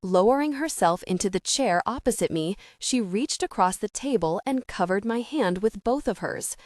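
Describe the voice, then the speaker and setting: A woman's voice: medium pitch, a little mellow, dry recording. Woman narrating an audiobook in a dry booth. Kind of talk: first-person audiobook narration.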